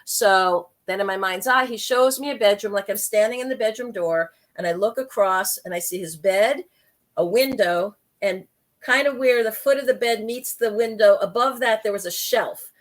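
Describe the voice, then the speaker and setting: A woman guest on an interview show, telling a story in a lively, chatty way with quick asides. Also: medium pitch. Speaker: guest, intuitive life coach and medium.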